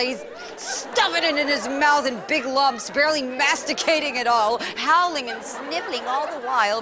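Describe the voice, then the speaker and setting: Theatrical lady spinning a comic tale, super lively pitch, some audience laughs. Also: background noise. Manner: theatrical, animated, laughing asides. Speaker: storyteller performer. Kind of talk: comic storytelling performance.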